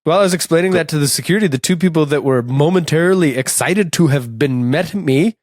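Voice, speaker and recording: A man co-hosting a podcast, chatting casually and telling animated, self-mocking stories with profanity. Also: on the high side, fast talker, no echo, clean studio sound. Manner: animated storytelling, acts out his own scared drunken voice in quotes. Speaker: podcast co-host. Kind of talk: casual chat.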